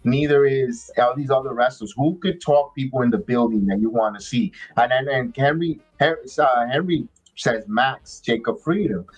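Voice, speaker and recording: A man's voice: medium pitch, slightly rough, soft background music, rough recording. A man hosting a live watch-along, chatting casually and rambling with frequent restarts and fillers. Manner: rambling, halting, many restarts. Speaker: podcast host.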